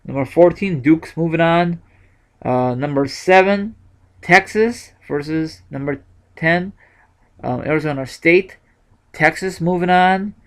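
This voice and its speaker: A man's voice: on the high side, measured pace, clean tone. A young man in a casual vlog, thinking aloud with lots of ums and self-corrections. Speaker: YouTuber sharing bracket picks.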